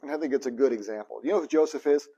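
Husky man, slightly high voice, preaching casually to a congregation, dull lo-fi sound. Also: racing. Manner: animated, asks the audience questions. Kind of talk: conversational sermon.

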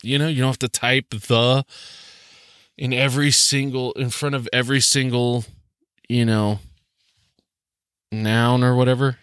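On his solo podcast, a man with a Southern US accent rambles and jokes, peppering his talk with ums and restarts. His mid-range voice is smooth with a fairly bright tone, and the studio-quality recording has no room sound.

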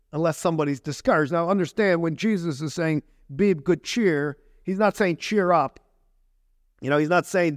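A man's voice: fairly high pitch, moderate pace, no echo, clean studio sound. A man pastor preaching a conversational sermon, full of rhetorical questions and asides to the congregation.

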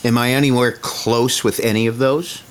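A man's voice: medium pitch, fairly even intonation, moderate pace, music in the background. A man hosting a casual chat, asking playful, probing questions.

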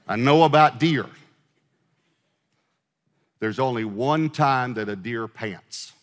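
A man's voice: lowish voice, a bit bright. Middle-aged male pastor, conversational sermon, joking with the congregation, long hall reverb. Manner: conversational preaching, asks the congregation questions, jokes.

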